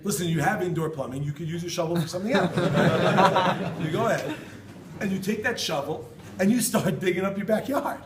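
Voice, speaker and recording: Animated rabbi with a high voice, echoey room. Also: male voice, fairly quick. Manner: animated, jokey, repeats phrases for emphasis. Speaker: rabbi teaching students. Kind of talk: informal Torah talk. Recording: echoey room, distant mic, background noise.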